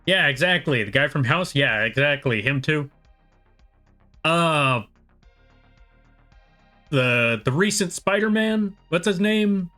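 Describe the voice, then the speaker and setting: With long pauses and a slow pace, a young American streamer draws and chats casually with viewers, meandering through thoughts and teasing himself. His expressive voice sits a little high for a man, and quiet music plays behind him.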